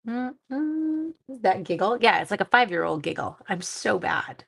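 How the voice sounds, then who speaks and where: A woman, hosting a casual livestream craft demo, chatty, giggly and quick to poke fun at herself. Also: fairly low pitch, gravelly, a bit bright, husky. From Canada. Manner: chatty, giggly and self-deprecating. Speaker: craft class host and schoolteacher.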